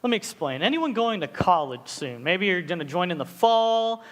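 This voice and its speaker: A young man preaching a casual, joking sermon to students as a youth pastor, telling stories with animated asides. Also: sits high, moderate pace, big-room sound.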